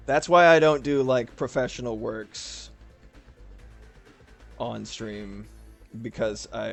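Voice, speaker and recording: A man's voice: mid-range voice, vocal fry. A man streaming as an artist, chatting casually and rambling while he draws, swearing freely. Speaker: art streamer. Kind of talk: casual livestream chat while drawing.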